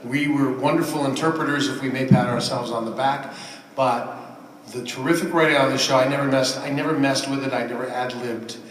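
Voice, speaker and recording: A man answering a fan question on a convention panel as a voice actor, measured and earnest. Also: mid-range voice, steady tone. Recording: echoey hall from far off.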